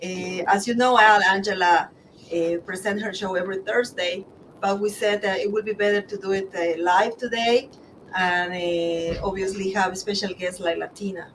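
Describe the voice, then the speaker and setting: A woman co-hosting a live-streamed show over a video call, chatty and warm, with frequent laughs and fillers. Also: medium pitch, steady tone, normal speed, a little hiss or hum, rough recording. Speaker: executive producer and co-host. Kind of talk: casual live chat.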